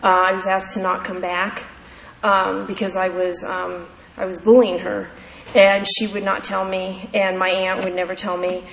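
A woman's voice: medium pitch, little pitch movement, normal speed, gravelly, a bit bright. Woman, candid recovery share, heartfelt storytelling, long hall reverb. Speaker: speaker sharing at a recovery meeting. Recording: echoey hall with faint background noise.

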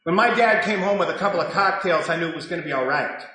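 A man giving a confessional recovery testimony, acting out his own shouting and hushed prayers as he tells it. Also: on the high side, fast. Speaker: recovery speaker. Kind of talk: personal testimony talk. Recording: very echoey hall with faint noise.

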